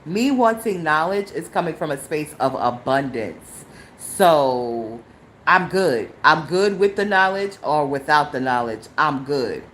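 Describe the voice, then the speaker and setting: Middle-aged woman, podcast host, animated storyteller, mocks in low tones, rises high in indignation, faint background hiss. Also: measured pace, rough recording. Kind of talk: solo live podcast monologue.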